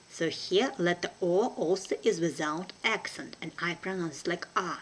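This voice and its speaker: A native Russian speaker with a Russian accent teaches a language lesson online, speaking carefully and deliberately with frequent hesitations. Her voice sits on the low side with a breathy edge.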